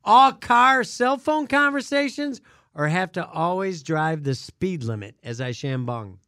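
A man co-hosting a podcast, talking in loud, jokey, excitable banter. His voice sits high and sounds bright and sharp. The studio sound is close and dry. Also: a little slow, no room sound. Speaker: podcast co-host. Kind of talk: casual banter.

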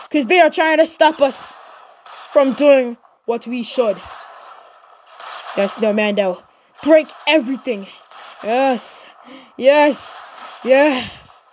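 A woman giving excited gameplay commentary, cheering and shouting encouragement at her teammate. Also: fairly high pitch, a little slow, long pauses, slight background noise. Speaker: gaming channel host.

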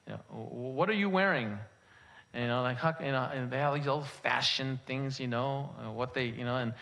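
A man's voice: medium pitch, pushed and bright. A middle-aged male pastor giving a sermon, telling a story with lots of fillers before building to emphatic preaching.

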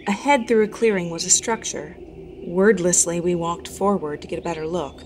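A woman reading a first-person horror story in a measured, tense voice. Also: lowish voice, steady tone, darkish tone, slight background noise. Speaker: narrator.

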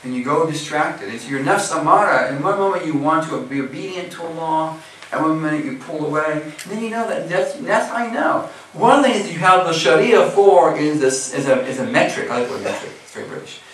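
A man's voice: fairly high pitch, expressive, a little fast, fairly bright tone, a little hiss or hum. An American man giving a casual, chatty sermon as a Muslim preacher, full of filler phrases. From USA. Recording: echoey hall recording from far off.

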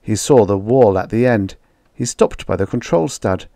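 A male narrator with a low voice and some vocal fry reads a science fiction audiobook at a moderate pace. His delivery is steady and dramatic, built for suspense, and the close-miked recording is dry with no echo.

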